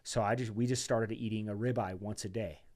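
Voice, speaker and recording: A man with a slightly low voice speaks as a podcast guest. He tells a long personal story in easy, unscripted conversation and stays animated throughout. He calls the host "dude" and "man". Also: brisk. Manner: chatty and animated, says "dude" and "man", acts out quoted dialogue.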